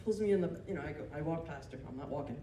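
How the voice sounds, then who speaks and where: A man doing live stand-up, telling a story in a rambling, animated way. He often laughs as he talks and breaks off into asides and restarts. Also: on the high side, rapid-fire, distant mic. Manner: self-interrupting with restarts and asides. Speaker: stand-up comedian. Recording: roomy venue taped from afar. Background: audience laughter and room noise.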